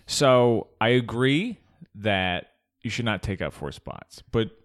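A man's voice: lowish voice, lively intonation, slow. A man in casual chat who questions the other speaker and reasons through arguments aloud. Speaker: conversation partner.

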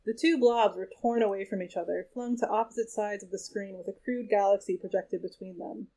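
A woman's voice: medium pitch, brisk. A woman author reading her own novella aloud expressively and chatting casually over a video call. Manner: expressive, laughs easily. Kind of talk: casual chat and book reading.

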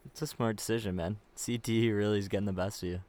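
A man's voice: lowish voice, steady tone, fast, a little mellow. A young man hosting a casual podcast, who teases his co-hosts with dry, joking quips. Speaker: podcast host. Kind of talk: casual chat.

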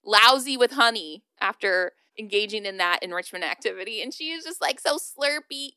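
A woman co-hosting a casual podcast, animated and chatty. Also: mid-range voice, moderate pace, smooth, dry recording. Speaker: podcast co-host.

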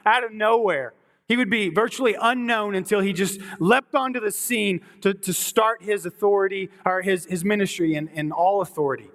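A man with a notably high voice delivers an earnest sermon, stumbling over and repeating words as he builds each point. His voice rings out with a long reverb, as in a church hall. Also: fairly bright tone. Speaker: pastor.

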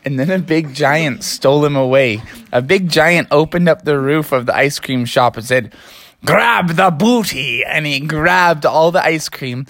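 A woman with a low voice narrates a children's story as the host, drawing her young listeners in to shape it. The recording is dry and close. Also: normal speed, hardly any pauses, no echo. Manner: warm, inviting, prompts children to add.

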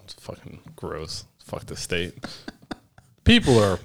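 A man from Florida co-hosting a podcast, ranting in casual chat with lots of swearing and deadpan complaints. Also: sits low, slow pace, vocal fry. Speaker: podcast co-host.

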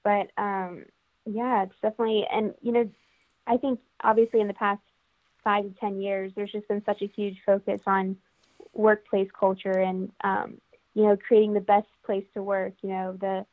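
Woman guest, flat tone, tinny phone line, chatty and agreeable. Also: mid-range voice, moderate pace, no echo. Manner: agreeable, chatty, many fillers. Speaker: guest commentator. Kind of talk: casual conversation.

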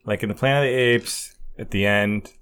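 A man's voice: lowish voice, steady tone, brisk, a bit bright, clear, resonant tone. A man chatting casually on a podcast, rambling and hesitant, joking now and then. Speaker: podcast guest. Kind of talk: casual chat.

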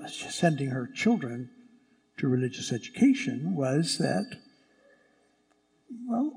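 A man who is a priest preaching a sermon in a church. He speaks emphatically, asking rhetorical questions and stressing words slowly. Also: medium pitch, dark tone. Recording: long church reverb.

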